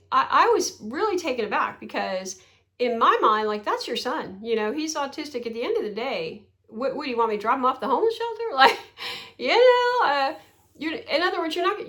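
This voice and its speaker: Chatty woman in her sixties, fairly high voice. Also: fairly bright tone. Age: 60s. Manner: chatty, rambling, with frequent laughs and rhetorical asides. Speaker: vlogger. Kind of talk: casual talking-to-camera chat.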